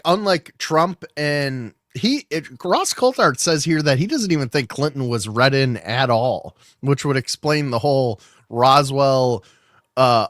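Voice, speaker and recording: A man's voice: medium pitch, a bit bright, dry recording, clean studio sound. A man hosting a casual podcast, musing aloud about news in a conversational, trailing way. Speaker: podcast host.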